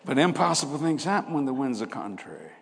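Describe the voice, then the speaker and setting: An older man preaching a humorous storytelling sermon in a folksy way. He laughs often and swings between loud bursts and hushed asides. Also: medium pitch, sing-song, quick pace, creaky. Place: church hall. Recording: hall reverb with faint background noise.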